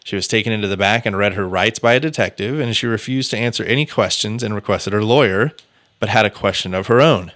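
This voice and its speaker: Low-voiced man telling a true-crime story. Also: fast, a bit bright. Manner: loose and chatty, many fillers and restarts, swears casually. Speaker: podcast host.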